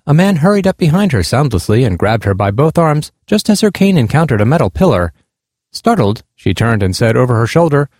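A man's voice: mid-range voice, darkish tone, no echo, clean studio sound. Earnest man reading a true account. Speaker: narrator. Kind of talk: reading a nonfiction account aloud.

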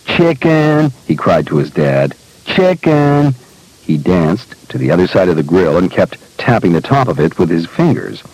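A man reading a personal essay aloud in a measured, deliberate storytelling manner. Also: low voice, darkish tone, husky, no echo, rough recording. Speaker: speaker recounting personal experiences.

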